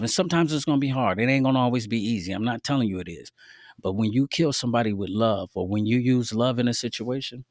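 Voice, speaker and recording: Hosting his podcast, a man shares casual faith-based stories full of slang and frequent asides to his audience. His voice is medium-pitched, and the studio sound is clean with no room sound.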